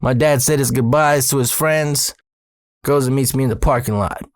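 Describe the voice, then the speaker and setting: Man, 30s, Arizona-raised storyteller host; casual and profane, slangy, gets animated; middle pitch, dry close mic. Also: normal speed, no echo. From Arizona, USA. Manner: profane, streetwise slang, animated when excited.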